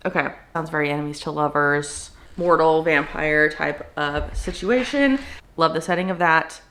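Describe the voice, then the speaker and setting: Chatty young woman, slightly low voice. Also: normal speed, a bit bright. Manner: chatty, peppered with "like" and "um". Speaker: book vlogger. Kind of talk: casual chatty vlog. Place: at home indoors.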